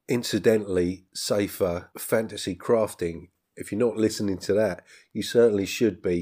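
A man's voice: lowish voice, darkish tone. An English man hosting his podcast in a casual, self-mocking monologue, chuckling often. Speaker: podcast host.

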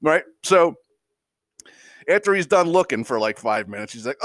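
A man's voice: a little high, very animated, moderate pace, pauses often, fairly bright tone, dry recording, clean studio sound. A man hosting a podcast, telling a long story in a casual, profane, exasperated way and laughing as he goes. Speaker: podcast host.

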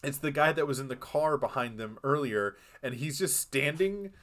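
A man co-hosting a film podcast, retelling scenes in a rambling, animated way with acted-out quotes. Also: medium pitch, normal speed. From lives in Boston. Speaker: podcast co-host. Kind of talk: casual film discussion.

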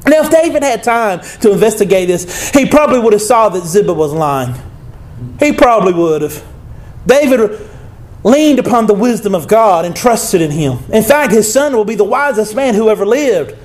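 A man's voice: high-pitched, expressive, moderate pace. A male pastor preaching a sermon in an emphatic, conversational way, with frequent asides and call-outs to his congregation.

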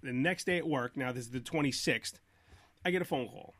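A man's voice: mid-range voice, a little fast, a bit bright, no room sound. A man hosting a podcast, telling a long story in casual chat and acting out both sides of phone calls. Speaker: podcast host.

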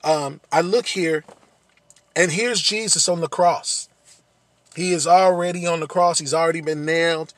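A man's voice: on the high side, steady tone, measured pace, a bit bright, no room sound. A man preaching a sermon, earnest, repeating phrases and building to emphatic peaks.

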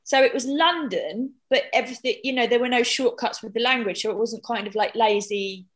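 A woman's voice: a little high, fairly quick. A woman chatting as a podcast guest, enthusiastic and searching for her words. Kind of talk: casual podcast chat.

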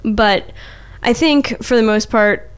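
Profane ranting woman podcaster, smooth voice. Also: a little high, takes it slowly. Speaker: podcast co-host. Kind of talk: casual chat.

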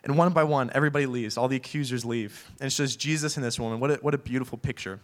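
A man's voice: mid-range voice, very fast. A young man preaching a casual sermon full of fillers, acting out little quoted voices as he talks.

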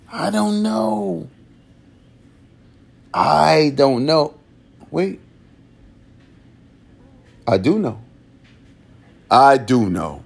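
A man hosting a motivational talk, dramatic and repetitive, often laughing between his lines. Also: mid-range voice. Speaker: motivational podcast host. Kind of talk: inspirational monologue.

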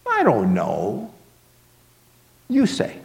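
A man voicing a small, pale little girl who talks in a high, innocent, childlike way. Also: wildly swooping pitch, extremely slow, gravelly, a little mellow, full character voice. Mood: chirpy. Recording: long hall reverb.

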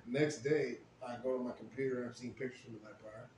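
Fast-talking profane young man, roomy echo. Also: mid-range voice. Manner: profane, animated storytelling, shouts when quoting himself. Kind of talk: casual podcast chat, storytelling. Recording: roomy echo, faint ambient noise.

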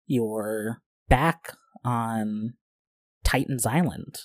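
A man's voice: mid-range voice, drawn-out words, dry recording, clean studio sound. Man narrating a tabletop game. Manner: animated, laughing, swears casually. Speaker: game master.

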